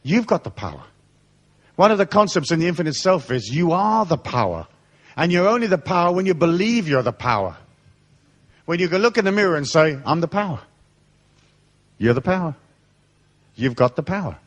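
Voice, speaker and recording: A man giving a live seminar, telling blunt, profane stories in a lively way. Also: a little high, normal speed, pauses often. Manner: animated storytelling, blunt and profane. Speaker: seminar speaker. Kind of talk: live seminar talk with anecdotes.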